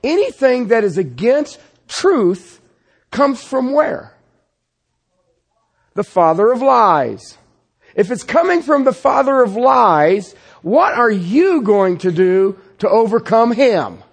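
A man preaching a sermon as pastor, swinging from loud insistence to hushed, pleading passages. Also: very high voice, sing-song, slow, slightly rough.

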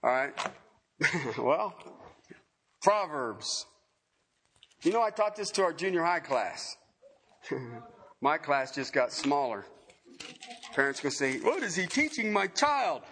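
A middle-aged man preaching a sermon as pastor, joking and animated, often laughing at his own lines. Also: a little high, slow, pauses often, slight background noise.

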